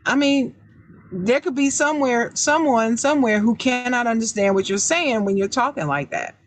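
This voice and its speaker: A woman hosting a podcast, giving advice in a casual chat with a deliberately raised, emphatic voice that repeats key words. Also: a little high, expressive. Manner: deliberately raised, loud speaking voice. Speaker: podcast host.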